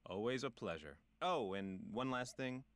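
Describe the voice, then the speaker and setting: A man's voice: medium pitch, lively intonation, moderate pace, dry recording, lightly acted. A middle-aged man voicing a self-important, folksy park ranger in a video game, with a drawling, punny delivery. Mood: knowing.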